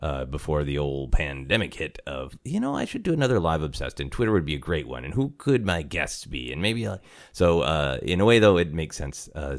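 Very deep-voiced man hosting a podcast. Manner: rambling, self-deprecating, laughs often. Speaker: podcast host. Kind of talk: casual chat. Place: home apartment.

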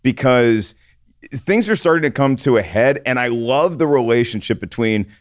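A man's voice: mid-range voice, lively intonation, normal speed, dry recording. A man with a mid-range voice talks through his views on a podcast. He is thoughtful and analytical. The recording is dry. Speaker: podcast co-host. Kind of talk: casual review chat.

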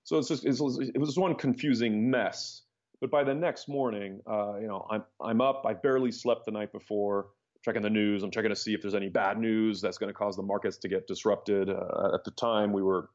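A man telling his story as a podcast guest, rambling and animated, with many restarts. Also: on the low side, fairly quick. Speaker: interview guest, startup founder. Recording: dull lo-fi podcast audio.

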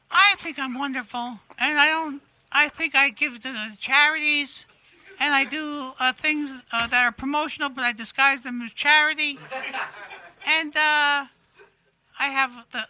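A man doing an impression of a vain, self-absorbed female comedian on a comedy podcast, rambling in a high put-on woman's voice. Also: unhurried, bright, forceful tone, full character voice, rough recording. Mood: smug.

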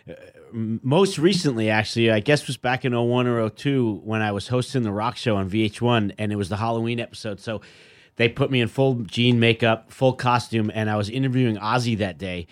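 A man's voice: mid-range voice, fairly quick. A middle-aged man, a podcast guest, telling a story in casual chat and acting out what people said. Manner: animated storyteller, acts out quotes.

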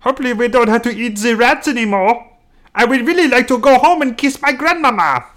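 A man's voice: very high-pitched, brisk, fairly bright tone, pitched above the performer's own voice. A man voicing a whiny young male German soldier in a clumsy fake German accent.

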